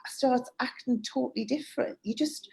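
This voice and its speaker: A woman's voice: sits high, moderate pace, vocal fry, a little mellow. A woman hosting an interview, telling a work story in a hesitant, chatty way with many restarts. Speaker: salon owner and host. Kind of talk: casual interview chat.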